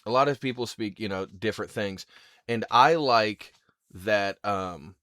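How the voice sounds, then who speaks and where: A man's voice: on the low side, unhurried, sharp tone, dry recording, studio quality. A man hosting a podcast in casual chat, telling stories in a laid-back way and acting out the dialogue. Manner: laid-back storyteller who acts out dialogue. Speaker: podcast host.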